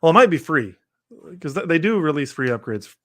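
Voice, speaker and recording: A man co-hosting a casual podcast, talking eagerly in quick bursts with frequent restarts. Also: on the high side, big pitch swings, a bit bright, dry recording. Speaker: podcast co-host.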